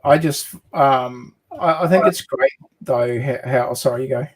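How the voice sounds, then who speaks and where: Halting, friendly Australian man. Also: medium pitch, breathy edge, rough recording. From Sydney, Australia. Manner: friendly, halting, many fillers. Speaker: guest co-builder. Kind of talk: casual chat.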